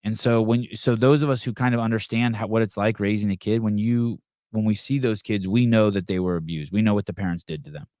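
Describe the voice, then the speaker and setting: A man's voice: on the low side, steady tone, a little fast, a little mellow, no echo, studio quality. A man hosting a podcast, telling stories in a rambling, profane, casual way. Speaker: podcast host. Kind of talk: casual chat.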